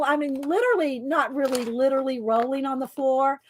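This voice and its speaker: A middle-aged woman with a fairly high voice tells stories in loud, casual chat while she colors. She laughs often and talks over herself, rambling warmly from one story to the next. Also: brisk, hardly any pauses. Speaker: coloring video host.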